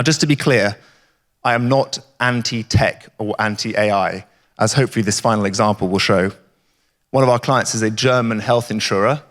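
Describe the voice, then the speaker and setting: A man giving an emphatic, rhetorical conference talk. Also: medium pitch. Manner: emphatic, rhetorical, repeats catchphrases. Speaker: conference speaker. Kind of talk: keynote talk. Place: conference hall. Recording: reverberant hall.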